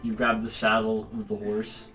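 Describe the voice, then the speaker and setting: A man's voice: on the low side, monotone. Dutch man narrating as game master. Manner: slow, hesitant narration with fillers. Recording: echoey room, distant mic, faint music.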